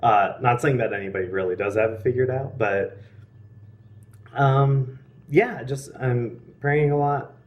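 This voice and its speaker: A man's voice: mid-range voice, unhurried, far from the mic, muffled recording. A young man telling a personal faith story in a casual, earnest way, with frequent laughs and restarts. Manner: earnest, laughs often, many fillers and restarts. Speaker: interviewee.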